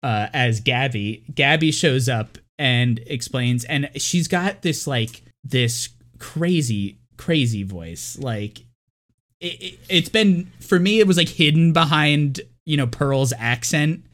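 A man's voice: mid-range voice, animated, takes it slowly, fairly bright tone. A man co-hosting a casual movie podcast, rambling with lots of fillers and now and then putting on mocking voices for the characters. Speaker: podcast co-host.

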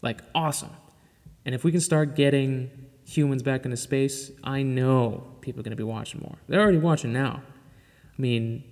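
A man's voice: mid-range voice, moderate pace, darkish tone, long reverb tail. A man hosting his own podcast in an enthusiastic, loose, chatty way. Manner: enthusiastic, loose and chatty, with casual swearing and laughs. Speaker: podcast host. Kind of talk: casual solo podcast talk.

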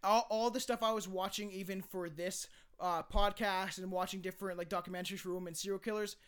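A man with a notably high speaking voice hosts a casual podcast. He rambles, swears freely and keeps restarting his sentences. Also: steady tone, fairly quick, a bit bright, clear, resonant tone. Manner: rambling, profane, restarts often. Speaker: podcast host.

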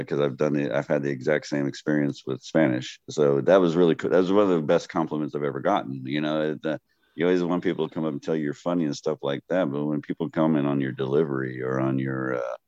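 A man with a Texan accent, a comedian guest telling stories at a slow, steady, laid-back pace. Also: no room sound, lo-fi sound. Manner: slow-paced, deep, laid-back drawl.

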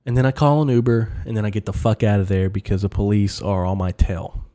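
A man's voice: lowish voice, fairly even intonation, brisk, dark tone. A man hosting his own comedy podcast in a solo monologue, ranting and rambling, swearing freely with lots of fillers. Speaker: podcast host.

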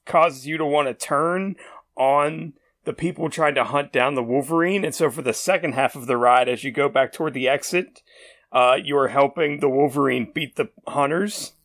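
A man co-hosting a casual comedy podcast, speaking haltingly with many fillers and dropping deadpan jokes. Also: mid-range voice. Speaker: podcast co-host.

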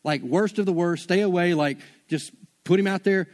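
High-voiced casual preacher. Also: male voice, moderate pace, darkish tone. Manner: casual, conversational preaching with slang. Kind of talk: sermon.

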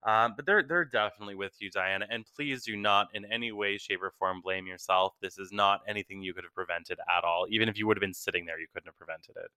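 Male medium co-host, lowish voice, bright and smooth, gentle reassuring delivery. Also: quick pace, few pauses, no room sound. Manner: gentle, reassuring, many fillers. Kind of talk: call-in show reading.

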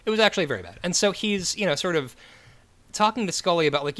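A man in casual chat, recapping a show with a bright, animated voice that swings up and down. He fills his talk with "you know" and "like", swears freely, and slips into quick character voices. The pitch sits a bit high for a man. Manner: animated, swears, many fillers, acts out quoted characters. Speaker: podcast co-host.

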